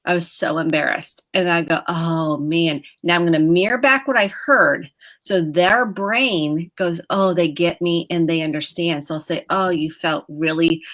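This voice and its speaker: A woman therapist giving gentle, explanatory parenting advice on a live talk show, sometimes acting out quoted dialogue. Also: on the low side, steady tone, a little slow. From United States.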